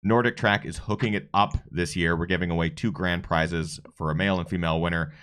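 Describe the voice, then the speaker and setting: A man's voice: low voice, steady tone, fairly bright tone, smooth. A man hosting a live running podcast, chatty and upbeat as he promotes and wraps up the show. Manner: upbeat, chatty, listing sponsors in quick succession. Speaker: podcast host.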